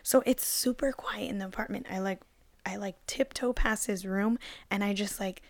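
A young woman tells a story in casual chat, animated and quick to laugh, with casual swearing along the way. Her voice sits at an ordinary middle pitch. The sound is dry and close, with no room around it. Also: no room sound.

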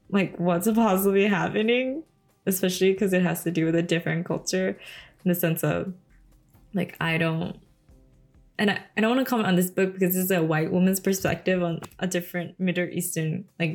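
Low-voiced woman reading with vocal fry. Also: moderate pace, a little mellow, soft background music. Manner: chatty, hesitant, many fillers and laughs. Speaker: book reader and vlogger. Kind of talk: casual late-night read-aloud with chat.

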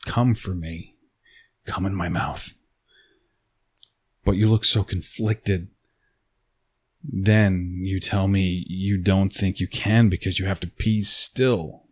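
A man telling an intimate second-person erotic story, with a slow, teasing delivery into a close mic. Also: sits low, husky, no echo.

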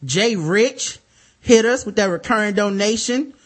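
A man's voice: high-pitched, a little slow. A young man co-hosting a podcast in a casual, rambling, profane way, full of fillers and loose asides. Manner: laid-back, rambling, profane, with many fillers. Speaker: podcast co-host.

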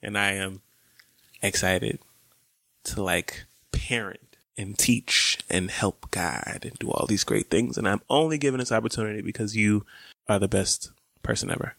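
A man's voice: lowish voice, moderate pace, gravelly, a bit bright, no room sound, clean studio sound. A man co-hosting a podcast in casual chat, talking in a playful, joking and easygoing way. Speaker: podcast co-host.

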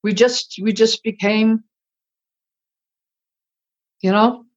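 A woman's voice: a little high, very slow. An older woman, a retired culinary instructor telling stories in an interview and acting out old conversations. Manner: animated storyteller acting out dialogue. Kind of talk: oral history interview. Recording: dull lo-fi recording.

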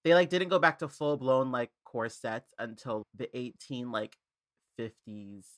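A woman's voice: very deep voice, steady tone, measured pace, no echo, clean studio sound. A woman guest on a podcast, chatting casually with lots of fillers and playful slang. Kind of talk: casual chat.

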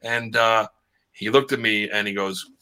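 A man, an actor guest, telling animated stories in casual chat and acting out what people said. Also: on the low side, measured pace, smooth. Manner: animated storyteller who acts out quotes.

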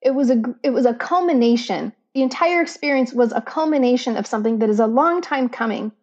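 A female podcast co-host with a fairly high, slightly mellow voice speaks briskly, telling a story earnestly and warmly and poking fun at herself along the way. It is a reflective storytelling chat, captured on a laptop mic with the high frequencies cut off.

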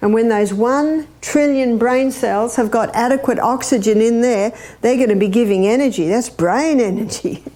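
An older woman teaching about health in a lively way, asking her listeners questions and imitating laughter. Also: fairly high pitch, moderate pace, few pauses. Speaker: health educator. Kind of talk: animated teaching talk.

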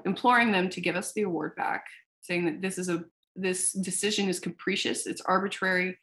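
A woman founder talking casually in an interview, telling a story with animated, acted-out quotes and casual swearing. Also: mid-range voice. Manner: animated storyteller who acts out quoted dialogue. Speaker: founder of a sex tech company, podcast guest.

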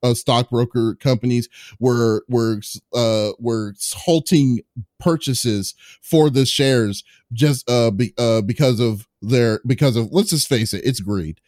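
Male podcast host, casual chat, stop-start delivery full of fillers, middle-pitched, dry close sound. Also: darkish tone, dry recording. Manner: halting, full of fillers and restarts, laughs often.

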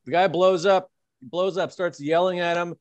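A man's voice: high voice, fairly even intonation, normal speed, dry recording. Rambling man telling a story. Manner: rambling, filler-heavy anecdote telling with frequent "like" and "uh". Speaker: podcast co-host. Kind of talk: casual chat, storytelling.

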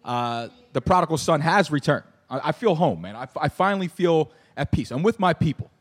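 A man rattles along at high speed in a slightly high voice as he hosts a sports podcast from a bar. He rambles, doubles back on his words and fills the gaps with filler sounds. The talk is loose and casual. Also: expressive, fairly quick. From Philadelphia. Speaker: podcast host.

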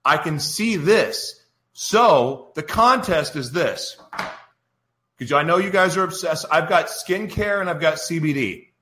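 Male host of a live radio show, bright voice, roomy studio, chatty and rambling. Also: a little high, animated, measured pace. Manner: rambling, chatty, talks to live viewers by name. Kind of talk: casual live radio talk.

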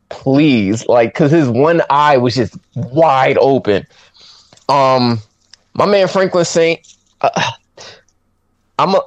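A man co-hosting a podcast, chatting casually about a film with slang and quick quoted asides. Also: no echo. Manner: animated, swoops up high when quoting himself, slangy. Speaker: podcast co-host reviewing a film. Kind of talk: casual chat.

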